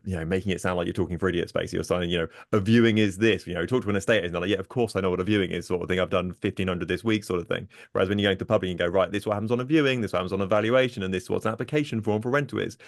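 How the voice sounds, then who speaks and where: A man's voice: deep voice, no echo, clean studio sound. A man hosting an interview, asking rambling, self-deprecating questions and laughing easily. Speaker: podcast host. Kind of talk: casual interview chat.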